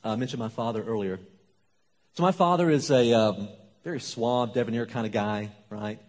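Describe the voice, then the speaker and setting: A man preaching a sermon with an emphatic, repetitive rhythm that drops to a hush at times. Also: medium pitch, moderate pace. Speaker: pastor. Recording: long reverb of a large hall.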